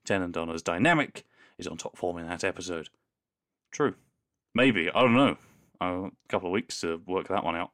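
A man with a low voice that swings widely up and down, co-hosting a chatty podcast. He reads listener emails aloud and breaks in with playful, wry asides and laughter. The sound is close and dry, with no room around it. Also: animated, moderate pace, fairly bright tone, no echo. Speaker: podcast co-host. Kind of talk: casual chat, reading listener emails.

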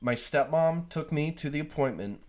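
A man's voice: on the high side, lively intonation, moderate pace. A young man co-hosting a podcast in casual chat, teasing and wry, telling a childhood story. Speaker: podcast co-host.

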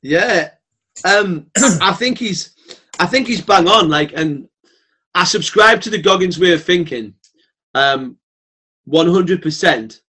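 A man's voice: high-pitched, slow, pauses often, breathy edge. Blunt, sweary man. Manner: blunt, sweary, animated storytelling. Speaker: podcast guest. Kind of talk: casual podcast chat.

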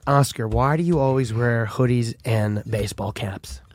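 A man hosting a casual comedy podcast, teasing his guest with crude, rapid-fire questions. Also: mid-range voice, darkish tone. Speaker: podcast host. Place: small studio.

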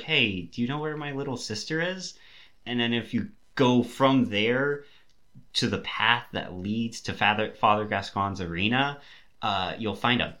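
A young man hosts a casual podcast chat. His voice sits low but sounds bright and forward. He rambles with enthusiasm and restarts his sentences often. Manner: enthusiastic rambling, many fillers. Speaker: podcast host.

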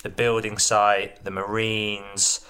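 A man's voice: fairly low pitch, level tone, slow, sharp tone, clean tone. A man hosting an interview, recapping and asking probing follow-up questions. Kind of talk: podcast interview.

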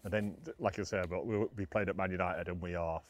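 A man's voice: deep voice, steady tone, fast talker. A middle-aged man, chatting casually and laughing often as he tells old team stories. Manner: storytelling, laughs often, many fillers. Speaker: former footballer guest. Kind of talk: casual chat.

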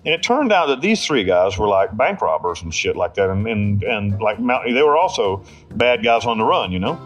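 Blunt American man telling a rough story. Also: fairly low pitch, big pitch swings, normal speed, faint music behind, rough recording. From United States. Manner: blunt, rambling storytelling with restarts and profanity. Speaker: interview subject. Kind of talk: recounted life story.

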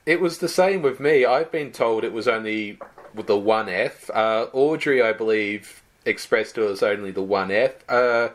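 A man co-hosting a podcast, explaining things in a measured way with small stammers. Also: lowish voice. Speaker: podcast co-host. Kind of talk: casual chat.

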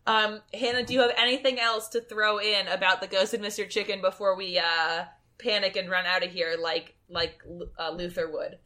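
Animated jokey woman with a bright voice. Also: medium pitch, moderate pace, hardly any pauses. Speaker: podcast host. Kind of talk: casual chat.

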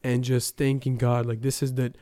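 A young man from a church youth group gives a personal testimony, relaxed and rambling, full of fillers and retold conversations. His medium-pitched voice is smooth and mellow with little rise and fall, at a normal speed. The sound is close and dry, with no echo.

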